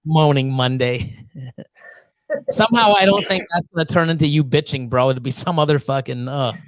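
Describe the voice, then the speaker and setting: A man with a notably high voice hosts a reptile-keeping live chat stream, telling profane, animated stories at a normal speed. He laughs often mid-sentence and acts out quoted exchanges by changing his voice, with dry, close sound.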